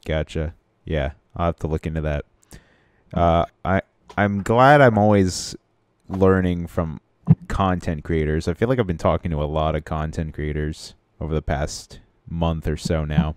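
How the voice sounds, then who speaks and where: A man with a very low, smooth, resonant voice, talking easygoing on a podcast. He chats casually, trailing off and restarting as he thinks aloud. The sound is close and dry. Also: unhurried, dry recording. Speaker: podcast co-host. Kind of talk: casual chat.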